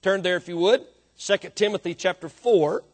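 A man preaching a sermon, emphatic, swinging from quiet explanation to loud drawn-out emphasis. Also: sits high, breathy edge. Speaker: pastor.

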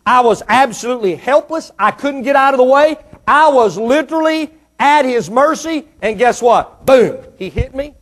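Preacher guy with a high voice, goes from soft asides to loud ringing lines, a bit of a drawl. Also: animated, normal speed. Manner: swings from low asides to loud ringing declarations. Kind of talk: sermon.

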